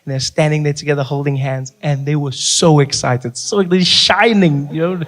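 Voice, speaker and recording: A male stand-up comedian telling stories on a live stage in an animated, playful way, using a handheld mic. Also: on the high side, normal speed. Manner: animated, playful storytelling with big vocal swings. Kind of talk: stand-up storytelling. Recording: live comedy club with noise.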